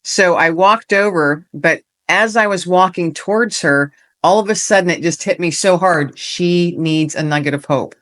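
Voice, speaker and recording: A middle-aged woman, an author and veteran appearing as a podcast guest, tells a personal story earnestly and from the heart, acting out the lines people said. Her voice is lowish and a bit bright, moving at a moderate pace with hardly any pauses.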